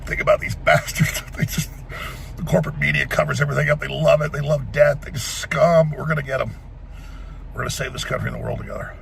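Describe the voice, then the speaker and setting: A man's voice: mid-range voice, fast talker, creaky, slight background noise. A man giving an impassioned, defiant rallying speech, urging listeners to action. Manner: fiery, defiant and exhortative.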